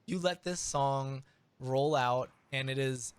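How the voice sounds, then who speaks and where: A man narrating a tabletop game as game master, animated and full of restarts. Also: mid-range voice, slow, clear, resonant tone, no echo. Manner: animated, many restarts and fillers.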